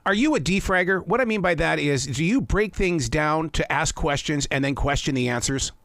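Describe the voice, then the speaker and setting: A man's voice: fairly high pitch, animated, normal speed, fairly bright tone, no echo, clean studio sound. Upbeat male interview host. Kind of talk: casual interview talk. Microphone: studio mic.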